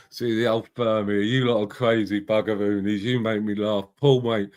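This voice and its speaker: A middle-aged man hosts a casual live stream, reading out comments in a fairly low, darkish voice at an unhurried pace. He's matey and rambling, chatting away, swearing freely and greeting viewers by name.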